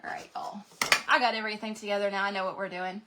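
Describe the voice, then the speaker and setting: A woman hosting a live craft stream, chatting casually to her viewers and thinking out loud as she paints. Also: medium pitch, fairly even intonation, fast talker, heavy background noise. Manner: rambling, talks to viewers directly. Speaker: craft livestream host.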